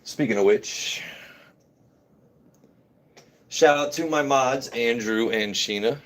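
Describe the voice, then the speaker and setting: A man's voice: medium pitch, slow pace. A man hosting a casual whiskey-tasting live stream, joking and greeting viewers in chat. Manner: jokey, chatty, reads and greets chat. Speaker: livestream host reviewing whiskey.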